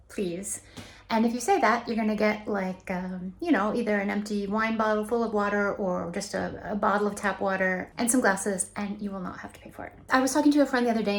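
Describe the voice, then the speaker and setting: A woman vlogger giving friendly travel tips, chatting casually and slowing down to spell out short phrases. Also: mid-range voice. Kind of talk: casual talk to camera.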